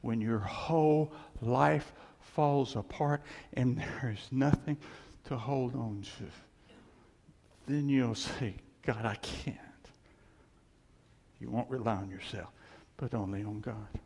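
A man's voice: medium pitch, slow, gravelly, a little mellow, slightly rough, big-room sound. A man preaching a sermon in an earnest, conversational way, often repeating phrases for emphasis.

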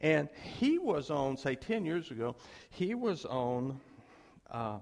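Gravelly, animated pastor preaching in a hall. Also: male voice, a little high, takes it slowly. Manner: storytelling, acting out both sides of a conversation. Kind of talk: sermon.

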